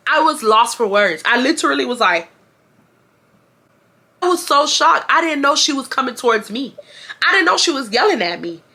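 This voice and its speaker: Bright-voiced woman telling a story. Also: fairly high pitch. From Houston, Texas. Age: 20s. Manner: animated, acts out quotes, addresses viewers. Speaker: vlogger. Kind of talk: casual storytime.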